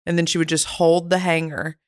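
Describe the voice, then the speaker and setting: A woman co-hosting a podcast, chatting casually and reacting quickly to the others. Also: low voice, level tone, darkish tone, clean tone. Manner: reacts with gasps and quick comments. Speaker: podcast co-host. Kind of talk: casual chat.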